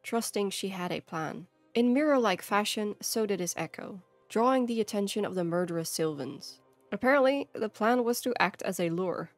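Woman narrating a fantasy tale. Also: mid-range voice. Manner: measured, expressive storytelling. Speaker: story narrator. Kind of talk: fantasy short story narration. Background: faint background music.

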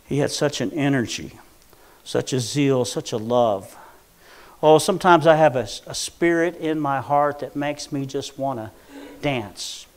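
A man of medium pitch preaches a Pentecostal sermon in church at a slightly slow pace, swinging from hushed storytelling to fervent shouting.

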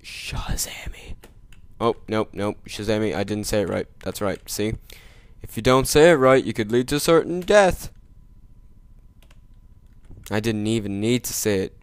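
A man doing gameplay commentary, joking, making sarcastic asides and yelling at the game. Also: on the low side, expressive, moderate pace, long pauses, clear, resonant tone, no room sound. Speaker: let's play gamer.

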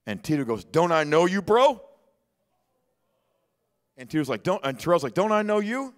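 A man preaching a sermon in church, telling a story quietly, then rising to shouts. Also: fairly high pitch, big pitch swings, moderate pace. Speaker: pastor. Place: church sanctuary.

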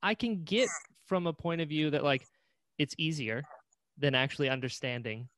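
A man's voice: a little high, moderate pace, fairly bright tone, clean tone. A man hosting a podcast, chatting casually and answering with short backchannels. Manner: conversational, lots of short backchannels. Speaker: podcast host. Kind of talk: casual interview chat.

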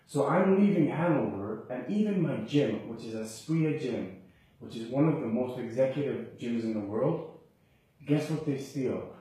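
Picked up from a distance in an echoey room, a man from Canada rambles agitatedly to his doctor about his distress, often stopping and restarting. His voice has a medium pitch and a mellow quality, with lively intonation at a normal speed.

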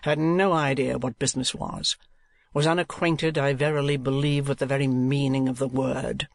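A man's voice: mid-range voice, level tone, moderate pace, vocal fry, close to an everyday voice. Man reading as a curt, sneering miser uncle. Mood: cold.

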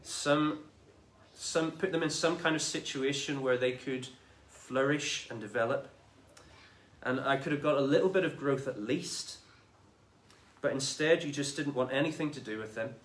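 Male preacher, casual lively sermon delivery, mid-range voice, roomy church sound. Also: mid-range voice, moderate pace. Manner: conversational, animated retelling of scripture in everyday speech.

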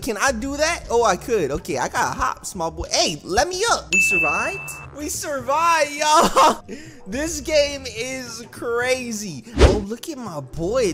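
A man giving excitable gameplay commentary as a gaming YouTuber, yelping and screaming when scared. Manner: rapid high-pitched panicky exclamations.

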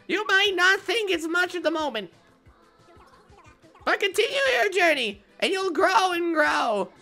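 A synthetic voice speaking as a calm, earnest game villager in even, solemn scripted lines. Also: female voice, extremely high pitch, unhurried, gravelly, faint music behind, heavily acted. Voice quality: synthetic speech voice. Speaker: game character. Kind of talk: video game dialogue.

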